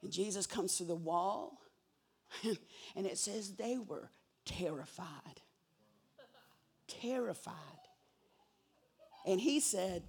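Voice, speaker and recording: A woman preaching a sermon, swinging from hushed whispers to loud, emphatic cries and repeating key words for emphasis. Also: fairly low pitch, takes it slowly, pauses often, husky.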